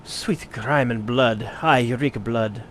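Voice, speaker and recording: A man voicing a blind retired mercenary turned wine merchant, measured, courteous and wordy, for a game playthrough. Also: mid-range voice, fairly bright tone, slight background noise, close to an everyday voice. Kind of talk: let's play voice acting.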